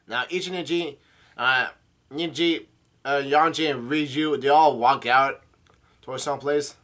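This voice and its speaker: Bright-voiced man recapping a comic. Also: medium pitch, steady tone. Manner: halting, stumbling over names, adding asides. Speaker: manga reader and channel host. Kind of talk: casual comic chapter read-through.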